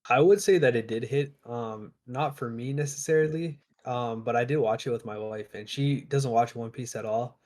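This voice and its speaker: A married man giving his views in a casual podcast review chat, speaking in a measured way with frequent pauses. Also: medium pitch, a little mellow. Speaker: podcast panelist.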